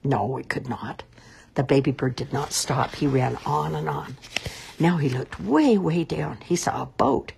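A woman reading a children's story aloud in an expressive, sing-song storybook manner. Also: extremely low pitch, a little slow, gravelly, slight background noise.

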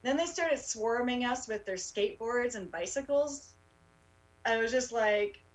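Woman telling a story, halting. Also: fairly high pitch, distant mic, poor audio. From Canada. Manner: halting, many fillers and restarts. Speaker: rally organizer. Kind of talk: casual interview talk.

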